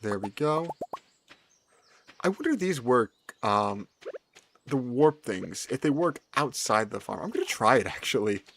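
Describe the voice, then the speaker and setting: A man's voice: medium pitch, unhurried, slight background noise. A man giving casual, playful commentary while he plays a farming video game. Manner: animated, playful, chatty. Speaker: gaming video host.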